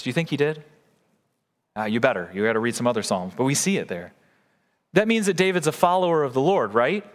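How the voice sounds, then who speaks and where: A male pastor delivers an earnest sermon from the pulpit, pausing to put questions to his congregation. His voice sits a little high for a man. The sound carries the long reverb of a large sanctuary. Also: a bit bright. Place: church sanctuary.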